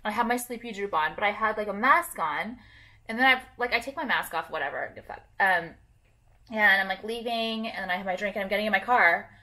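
A woman's voice: mid-range voice, fairly quick, bright, forceful tone. A young woman vlogging casually to camera while doing her makeup, rambling with lots of fillers and casual swearing.

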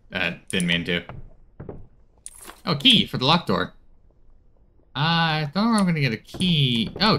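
A man's voice: mid-range voice, sharp tone, a little hiss or hum. A man giving chatty commentary while playing a horror game, talking back to the characters on screen. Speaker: gaming streamer.

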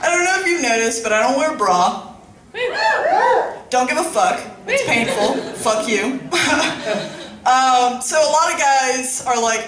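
A woman's voice: high voice, animated, measured pace, long pauses, fairly bright tone, recorded from a distance. A young woman performing a casual, profane stand-up set in a small club, with laughing asides. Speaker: stand-up comic. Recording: echoey club room, faint ambience.

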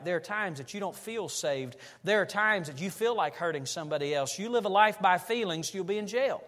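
A pastor preaching a sermon in a church, telling stories and building to loud, emphatic passages. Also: male voice, high-pitched. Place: church sanctuary. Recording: long reverb of a church hall.

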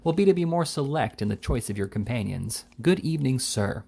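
A man's voice: mid-range voice, animated, fairly quick, creaky, warm tone, breathy edge. A man doing a sneering army lieutenant. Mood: scornful. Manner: contemptuous, clipped.

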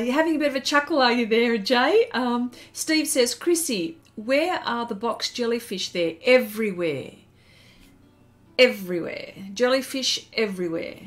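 Australian woman, art stream host, easy chatter, reads chat aloud, voice sits a little high. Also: a bit bright. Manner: chatty, reads viewer comments aloud while drawing. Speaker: artist hosting a live stream. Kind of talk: casual live-stream chat.

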